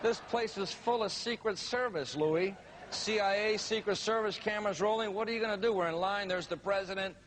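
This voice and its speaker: A woman's voice: mid-range voice, a little fast, noisy background, lightly acted. A man voicing his anxious wife, who nags him with the same repeated question. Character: anxious wife tugging at her husband.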